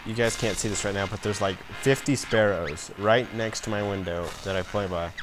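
A man commenting on his video game as he plays, excitable, yelling and complaining at the game. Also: fairly low pitch, moderate pace, background noise. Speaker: let's play gamer. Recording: game music loud behind voice. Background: game music.

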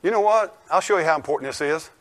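An older male pastor, preaching a folksy, emphatic sermon that rises to shouts. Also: on the high side, fast. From United States.

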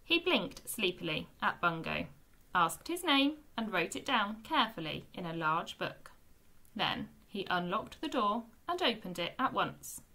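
Reading a children's book aloud to her young pupils, a primary school teacher uses a bright, clear voice. She tells the story expressively and in a very animated way, her pitch rising and falling a great deal, at a measured pace.

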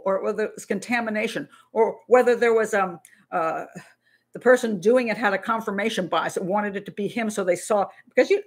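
Animated woman hosting a live Q&A. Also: a little high, husky. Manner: animated and blunt, with frequent restarts and laughs. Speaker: criminal profiler hosting a live Q&A. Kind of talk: casual live-stream talk.

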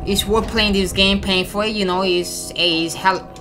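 A woman hosting a gaming channel, giving excitable, slangy, trash-talking let's play commentary and taunting enemies. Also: mid-range voice, measured pace. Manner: slangy, swears often. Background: game music.

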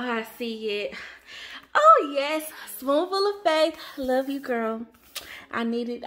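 A young woman vlogger gushing through an excited unboxing chat, repeating her words and calling out to her viewers. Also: on the high side. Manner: gushing, repeats words, says y'all a lot. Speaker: planner vlogger.

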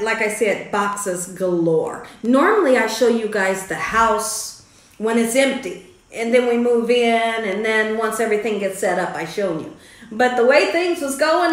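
A woman hosting her own vlog, telling a family story in a chatty, faith-filled way. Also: on the high side. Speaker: cooking channel host. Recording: roomy echo.

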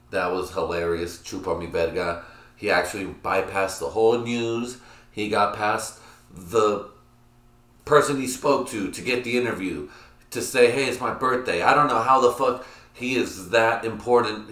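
Male podcast host, lowish bright voice, rambling and profane, roomy echo. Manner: rambling, swears a lot, laughs at his own jokes. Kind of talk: casual profane chat.

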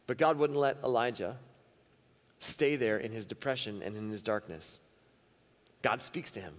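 A man's voice: medium pitch, normal speed, pauses often. A man preaching a sermon as pastor at a church service, earnest and repeating phrases for emphasis. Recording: long reverb of a church hall.

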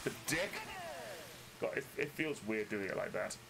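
A man's voice: on the low side, lively intonation, moderate pace, creaky, noisy background. A man casually commentating a game he is playing on stream, joking, swearing and laughing often. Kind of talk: casual let's play commentary.

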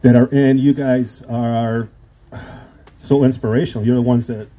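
A man's voice: mid-range voice, little pitch movement, moderate pace, warm tone. A man telling a rambling, self-deprecating story in an acceptance speech at a hall of fame induction. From Illinois.

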